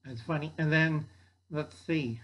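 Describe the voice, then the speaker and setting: An older man hosting a YouTube video rambles through a movie plot he wrote down, stumbling over his notes. His slightly high voice keeps a measured pace on a muffled recording, and his loose, chatty delivery is full of asides and restarts.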